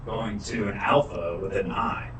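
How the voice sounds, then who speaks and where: A male student asking halting questions in a classroom. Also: on the low side, fairly even intonation, a crowd in the background. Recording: echoey room from far off.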